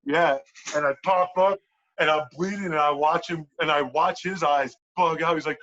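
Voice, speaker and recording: A man on a podcast telling a wrestling story in casual, animated talk, swearing a lot and filling with "like". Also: fairly high pitch, normal speed. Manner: animated, profane, lots of "like" fillers. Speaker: podcast guest, pro wrestler. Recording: dull lo-fi podcast audio.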